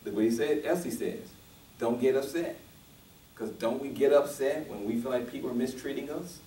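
A man's voice: mid-range voice, normal speed, warm tone, roomy sound, far from the mic, slight background noise, rough recording. A male pastor preaching a sermon, restarting often and building to emphatic, rising peaks.

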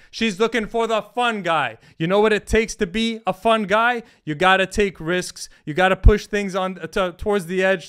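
A man's voice: sits high, a bit bright, clean tone. A man talking as a dating coach in a brash, emphatic and profane advice monologue.

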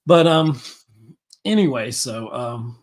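A man's voice: medium pitch, animated, takes it slowly. A man hosting a podcast, talking in a rambling, enthusiastic way with many fillers and restarts. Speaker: podcast host. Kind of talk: casual chat.

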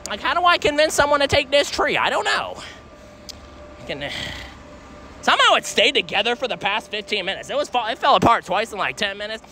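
A young man livestreaming while walking a city street, rambling, swearing constantly, and pitching strangers. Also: sharp tone, a little hiss or hum. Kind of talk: live street streaming.

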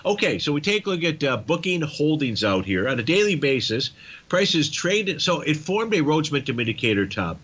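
A man's voice: fairly high pitch, big pitch swings, normal speed, a bit bright, dull audio, a little hiss or hum. A man hosting a trading show, methodically walking through chart levels in live market commentary with frequent fillers.

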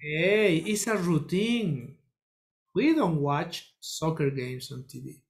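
A teacher leads a children's English lesson in a classroom. The pace is unhurried and deliberate, with key phrases drilled again and again. Students are called on one by one to answer. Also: mid-range voice, animated. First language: Spanish. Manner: slow, repetitive drilling, calls on students.

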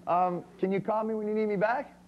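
A man's voice: sits high, fairly even intonation, fairly quick. A man hosting a comedy show, playing a wisecracking, over-the-top tourist in a sketch. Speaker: comedy talk show host. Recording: dull lo-fi TV audio with music and audience.

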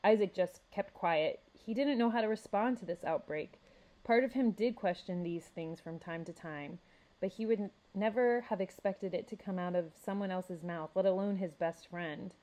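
Mellow-voiced woman reading a story aloud. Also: medium pitch, normal speed, low-quality recording. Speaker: youth services librarian.

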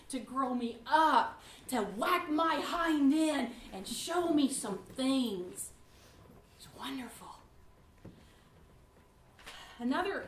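A woman with a fairly bright, high-sitting voice teaches a Bible class at church, heard from a distance in a reverberant room. She speaks with passion, stringing clause after clause together with "and" as she shares her personal testimony with feeling. The lesson includes questions from the audience.

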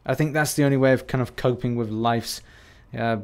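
A man's voice: mid-range voice, steady tone, fairly quick, a little mellow, clean tone. A British man talking casually over game footage as a YouTuber, rambling and jokey, making fun of himself. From United Kingdom. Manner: rambling, self-deprecating, jokey. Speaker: gaming YouTuber.

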